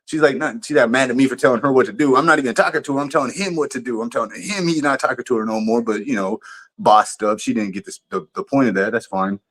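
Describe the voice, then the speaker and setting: A man on a livestream tells a story casually in an ordinary middle-pitched voice. His delivery is profane and animated, and he rambles and restarts his sentences often. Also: fast talker.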